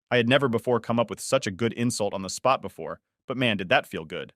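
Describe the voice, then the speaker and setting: A man narrating a first-person story from an online forum in a steady, even storytelling delivery. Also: medium pitch, fast, hardly any pauses, no echo, clean studio sound. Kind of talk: reading a reddit story aloud.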